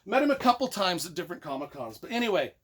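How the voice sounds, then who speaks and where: A man giving an excited, casual book review, rambling and repeating himself, now and then breaking into loud emphatic bursts. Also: high-pitched, quick pace, slightly rough.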